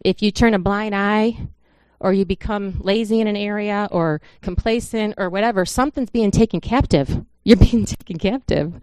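A woman's voice: mid-range voice, normal speed, few pauses, darkish tone, clean tone, no room sound. A woman giving an informal sermon, talking in an earnest, conversational way and telling a story to the congregation. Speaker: church speaker.

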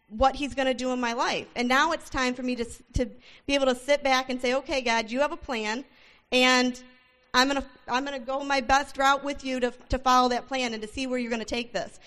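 Bright-voiced woman telling a lively testimony. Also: sits high. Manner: animated storytelling, acting out dialogue. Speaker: church speaker giving testimony. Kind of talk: testimony sermon.

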